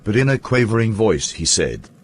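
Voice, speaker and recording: A man narrating an animated poem in a measured, storybook style. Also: fairly low pitch, a little hiss or hum.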